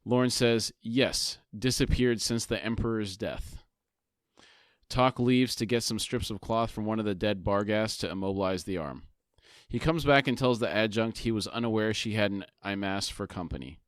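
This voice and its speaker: A man's voice: fairly low pitch, normal speed, dry recording, clean studio sound. A man co-hosting a book podcast, recapping chapters and reading dialogue aloud in plain tones. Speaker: podcast co-host. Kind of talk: casual chat and plot recap.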